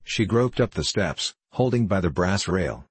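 A man narrates a classic novel in a low, husky voice. His delivery is even and unhurried, with only light shading for the characters. The recording is dry and close, with no room sound. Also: no room sound. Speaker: audiobook reader. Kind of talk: scripted narration.

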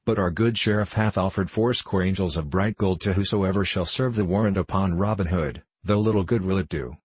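A wheedling, flattering messenger coaxing in old-fashioned speech, as a man reads him aloud. The voice sits low and a little husky. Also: brisk, no echo.

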